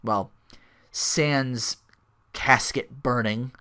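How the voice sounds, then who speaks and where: A man's voice: medium pitch, very slow, pushed and bright, clean tone. A man hosting a podcast, casually recapping a show in a rambling way, full of restarts and asides. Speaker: podcast host.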